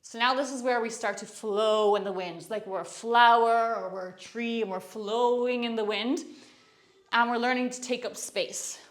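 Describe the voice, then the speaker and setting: A woman's voice: on the high side, normal speed. A young woman leading a guided movement tutorial, talking breezily and encouragingly while she moves, a little out of breath. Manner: encouraging, breezy, with soft laughs. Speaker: movement instructor.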